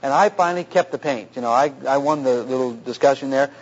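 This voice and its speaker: A man's voice: medium pitch, fast, breathy edge. A man who is a pastor, preaching earnestly through a personal story about marriage, in a dull lo-fi recording. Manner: earnest, anecdotal, animated retelling.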